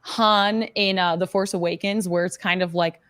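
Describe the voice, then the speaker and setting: A woman's voice: lowish voice, steady tone, normal speed, a bit bright. A woman guest chatting casually and easygoingly on a live stream. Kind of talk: casual chat.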